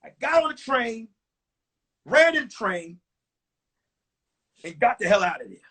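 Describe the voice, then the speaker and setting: A young comedian tells his story with punchy, profane energy. His voice is husky, breathy, and sits high for a man. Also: sing-song, measured pace, bright, forceful tone. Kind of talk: one-man stand-up storytelling on a live stream.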